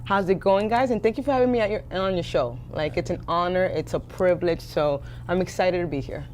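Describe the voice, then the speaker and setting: Low-voiced woman with a Boston-Spanish accent. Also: a little fast, darkish tone, a little hiss or hum. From Boston, USA. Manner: upbeat, emphatic, repeats key phrases. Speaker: guest life coach. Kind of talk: casual interview chat.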